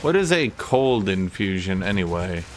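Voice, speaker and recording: A man's voice: deep voice, very animated, normal speed, a little hiss or hum. A man streaming a game, chatting jokily with his viewers as he plays. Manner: joking, chatty, talks to chat. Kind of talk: casual gameplay commentary.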